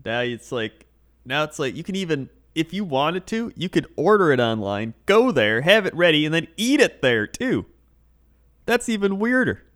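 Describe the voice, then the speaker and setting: A man's voice: a little high, very animated, normal speed, a bit bright. A man co-hosting a casual chat podcast, telling anecdotes with laughs and put-on voices. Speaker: podcast co-host.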